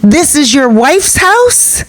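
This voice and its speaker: A woman's voice: high voice, sing-song, slow pace, pitched above the performer's own voice, full character voice. A woman doing an indignant, demanding girlfriend. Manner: sharp, demanding questions. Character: indignant woman confronting her boyfriend abroad.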